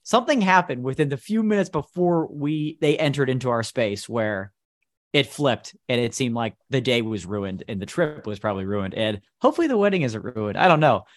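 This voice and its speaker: Brief: male podcast host, mid pitch, lively storytelling, dry sound. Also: brisk, dry recording. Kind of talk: casual chat.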